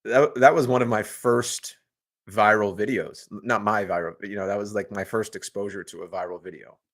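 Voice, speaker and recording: A man's voice: fairly low pitch, fairly even intonation, a little fast, fairly bright tone. A man co-hosting a podcast, chatting casually and rambling, laughing easily, over a home mic. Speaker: podcast co-host. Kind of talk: casual chat. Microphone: home microphone over a call.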